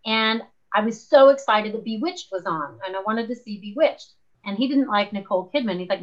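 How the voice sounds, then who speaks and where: A woman's voice: medium pitch, fairly quick, muffled recording. A woman guest author talking in an interview, telling stories animatedly and acting out the voices she quotes. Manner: animated storyteller, acts out her own quoted voices. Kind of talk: conversational interview.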